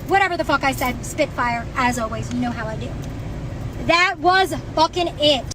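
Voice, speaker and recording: A woman's voice: sits high, animated, normal speed, background noise. A woman from New York telling an aggrieved, profane story to a phone camera outdoors. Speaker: customer in viral video. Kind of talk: angry storytime rant to camera.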